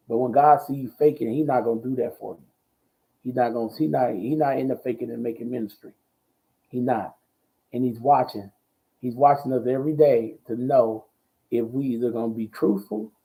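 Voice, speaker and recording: A man hosting a ministry talk show who preaches in a loud, bold, slangy way, repeating his phrases and answering viewer comments. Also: medium pitch, gravelly, poor audio.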